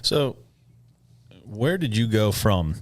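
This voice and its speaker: A man's voice: fairly low pitch, expressive, slow, no echo, clean studio sound. A male podcast host in casual chat, talking loosely and swearing freely.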